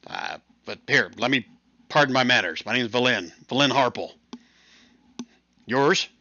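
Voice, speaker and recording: A man's voice: mid-range voice, animated, unhurried, bright, forceful tone, no room sound. A man voicing an older human woman, a brusque scholarly explorer, in an online tabletop game, over a dull lo-fi call.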